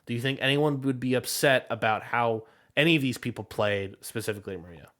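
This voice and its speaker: A man's voice: medium pitch, fairly quick, a bit bright. A man co-hosting a podcast in casual chat, analytical and quoting stats he has looked up. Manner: analytical, quotes stats he looks up. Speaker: podcast co-host.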